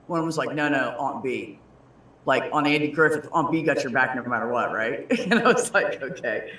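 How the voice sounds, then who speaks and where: A man in casual chat, telling stories with lively quoted voices and frequent swearing. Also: mid-range voice, far from the mic. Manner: animated storyteller, swears freely, acts out quoted voices. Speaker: guest. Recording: echoey room.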